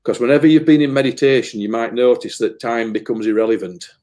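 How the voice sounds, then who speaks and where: A man's voice: mid-range voice, quick pace, dark tone. A man, a medium giving an earnest, emotional interview, often repeating words as he rambles. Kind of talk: casual spiritual interview talk.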